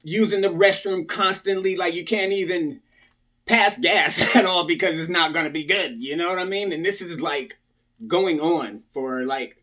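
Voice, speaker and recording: A man with a slightly high voice speaks straight to his viewers in a loose, casual storytelling way. He keeps checking in with them after almost every line and jumps into other people's voices to act out what they said. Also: normal speed, pushed and bright. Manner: talks to viewers, repeatedly tags lines with "right?"; acts out other people's lines in a raised voice. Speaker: storyteller recounting his past.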